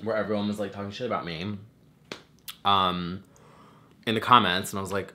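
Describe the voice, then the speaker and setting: A man's voice: low voice, steady tone, normal speed, pauses often, bright, forceful tone, slight background noise. A man talking casually to camera in a chatty reaction rant, swearing freely with lots of fillers. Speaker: vlogger.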